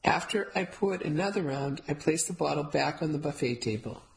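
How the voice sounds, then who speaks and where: A woman's voice: low voice, lively intonation, normal speed, gravelly, low-quality recording. A woman narrating a first-person novel, telling the story steadily with light character voices. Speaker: audiobook narrator.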